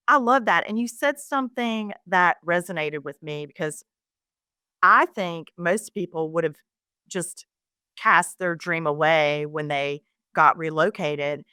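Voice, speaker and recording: A woman's voice: fairly low pitch, sharp tone, clean tone, no echo, studio quality. A woman hosting a podcast interview, encouraging her guest and restarting her questions as she goes. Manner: encouraging, repeats words as she starts questions. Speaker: podcast host. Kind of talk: conversational interview.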